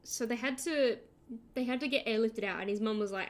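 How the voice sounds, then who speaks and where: An Australian woman streaming a game, chatting casually in an excitable, rambling way. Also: a little high, a little fast. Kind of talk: casual chat while gaming.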